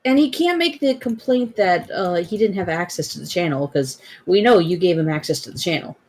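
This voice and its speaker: A woman's voice: lowish voice, expressive, brisk, a little mellow. A woman chatting casually on a livestream who puts in short, supportive, dry remarks.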